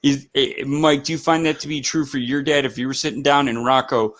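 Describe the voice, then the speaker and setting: A man hosting a casual wrestling chat, rambling and animated with quick asides. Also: mid-range voice. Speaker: podcast host.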